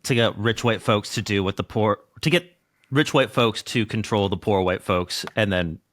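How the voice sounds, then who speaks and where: A man's voice: fairly low pitch, moderate pace, a bit bright, no echo, clean studio sound. A man hosting a casual political podcast, sarcastic and jokey, swearing freely. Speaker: podcast host.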